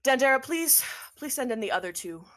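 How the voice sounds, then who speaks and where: A woman's voice: lowish voice, expressive, moderate pace, husky, no echo, clean studio sound. A woman voicing a smug, condescending male villain king who taunts with silky, gleeful menace.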